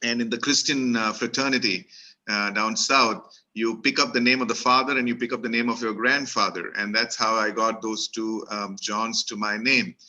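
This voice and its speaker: A man's voice: lowish voice, steady tone, moderate pace, pushed and bright, highs cut off. A middle-aged man from Kerala with an Indian English accent, giving a humorous, self-deprecating storytelling talk full of fillers. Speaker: motivational speaker.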